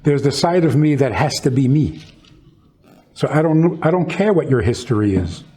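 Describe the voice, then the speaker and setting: A man's voice: expressive, moderate pace, mellow, slight background noise. A man, a rabbi, teaching in conversation, reflective and fond of telling stories, raising his voice when he acts out quotes. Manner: storytelling, reflective, acts out quotes with raised pitch.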